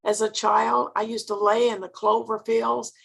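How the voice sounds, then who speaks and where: An older woman gives an earnest motivational talk and keeps putting questions straight to her listeners. Her voice is gravelly and a little husky, with a preacherly cadence. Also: a little high, little pitch movement, moderate pace, fairly bright tone. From Mississippi, US. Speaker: sales director giving a training talk.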